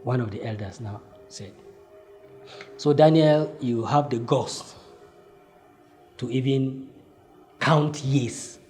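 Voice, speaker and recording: A man telling his own life story, acting out heated exchanges with lively swings in voice. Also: mid-range voice, slow, long pauses, faint music behind. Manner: animated, acts out heated exchanges. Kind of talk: personal storytelling.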